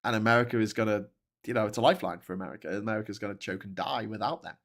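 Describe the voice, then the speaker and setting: A man hosting a casual spoken commentary, rambling and animated with frequent restarts. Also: on the low side, very fast. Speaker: host.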